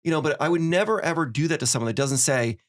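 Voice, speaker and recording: A man hosting a podcast, chatting casually and acting out little quoted lines as he tells stories. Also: fairly high pitch. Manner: fast, animated storyteller acting out quotes. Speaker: podcast host. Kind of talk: casual conversation.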